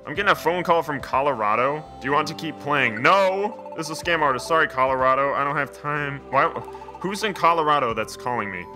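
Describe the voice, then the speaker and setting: A man's voice: a little high, lively intonation, fairly quick, over music. A young man giving casual, jokey commentary while playing a video game, rambling with lots of "like" and "man". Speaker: video game let's player.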